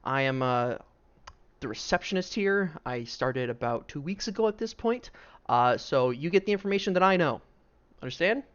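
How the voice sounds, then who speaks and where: A man voicing a put-upon young male temple receptionist who talks in a deadpan, rambling way. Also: fairly high pitch, moderate pace, clean tone, highs cut off. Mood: weary.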